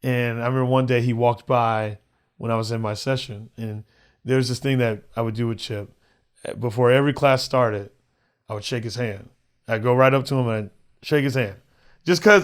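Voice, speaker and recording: A male comedian appearing as a podcast guest relaxes into a personal story, speaking casually at a typical male pitch. He halts often, repeats words, and acts out other people's voices, all in a clean tone.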